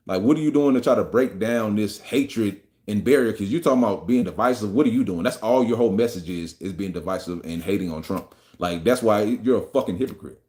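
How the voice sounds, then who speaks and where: A man's voice: fairly low pitch, a little fast, few pauses, darkish tone. A man hosting a podcast, ranting in a profane, combative and mocking way about politics. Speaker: podcast host. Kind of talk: opinion rant on a podcast.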